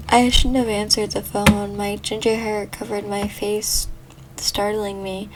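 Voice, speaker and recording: A woman's voice: mid-range voice, flat delivery, measured pace, noisy background. A young woman casually reading a fan story aloud, stumbling over words and correcting herself as she goes. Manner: stumbling, giggling at the text, self-correcting. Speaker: fan fiction reader.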